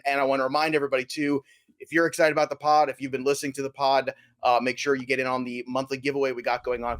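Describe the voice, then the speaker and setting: An energetic, jokey American man hosting a casual fantasy sports podcast. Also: mid-range voice. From United States. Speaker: podcast host.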